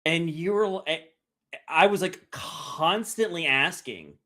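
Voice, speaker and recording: A man co-hosting a casual podcast, talking in an animated, dramatic, self-mocking way. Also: on the high side, a little slow. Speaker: podcast co-host.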